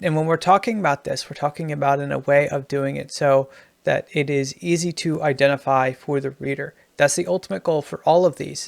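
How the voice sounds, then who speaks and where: Gravelly man explaining writing craft. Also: fairly high pitch, dry recording. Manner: explanatory, loose with restarts. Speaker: writing teacher. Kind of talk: writing tutorial.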